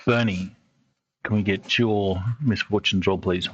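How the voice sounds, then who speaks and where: A man acting as game master over voice chat, pausing often with ums and uhs as he calls for rolls. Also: low-pitched, steady tone. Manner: halting, with many ums and uhs. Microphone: online call mic. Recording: dull lo-fi mic with faint noise.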